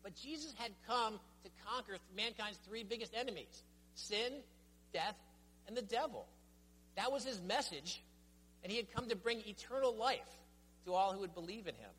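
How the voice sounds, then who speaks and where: High-voiced man preaching in a reverberant hall. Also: animated, moderate pace, a bit bright, husky. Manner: emphatic, building lists with rising stress. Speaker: pastor. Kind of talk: sermon. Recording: long reverb of a church hall.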